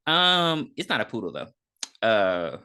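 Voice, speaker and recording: A woman's voice: rumbling low, very animated, takes it slowly, bright, forceful tone, clean tone. A woman co-hosting a podcast, recapping a TV episode in a chatty, slangy way with frequent laughs. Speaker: podcast co-host. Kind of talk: casual chat recapping a TV episode.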